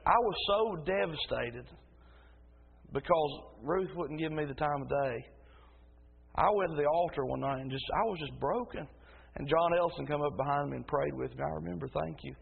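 A man preaching a sermon as pastor in a church, emphatic and rising into a loud preaching cadence. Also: fairly high pitch, moderate pace, gravelly, husky. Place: church sanctuary. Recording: tinny phone-like sound in a reverberant hall.

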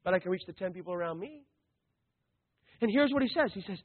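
A man preaching a sermon, animated, acting out the voices of the story he tells. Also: sits high, fast talker. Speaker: pastor. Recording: tinny phone-like recording.

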